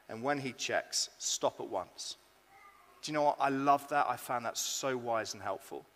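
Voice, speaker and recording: Man preaching in a reverberant hall. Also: mid-range voice. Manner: earnest, building to bursts of excitement. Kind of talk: sermon. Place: church hall.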